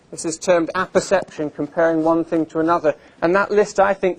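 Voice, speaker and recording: A man speaks to a live audience in a somewhat high voice, in a relaxed, unscripted manner. His delivery is wry and chatty, with plenty of ums and uhs between thoughts. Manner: conversational and wry, with frequent fillers. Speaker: invited speaker. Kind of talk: conference presentation to a live audience. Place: conference room with an audience.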